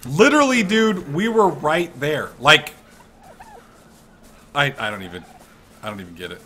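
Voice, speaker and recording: Lively, bright-voiced gamer guy. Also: on the high side, normal speed. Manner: excitable, swears freely. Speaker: let's-play gamer. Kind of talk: casual gameplay commentary.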